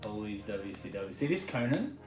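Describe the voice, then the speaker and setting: A man, a guest collector chatting casually and telling animated stories as he shows off his collection. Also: lowish voice, normal speed. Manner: animated storyteller, excitable. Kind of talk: casual chat. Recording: roomy echo with music behind.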